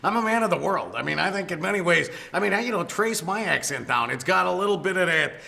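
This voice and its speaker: A man's voice: high-pitched, animated, quick pace, creaky, bright, forceful tone. A man hosting a horror movie show, joking and rambling with a laugh between film segments.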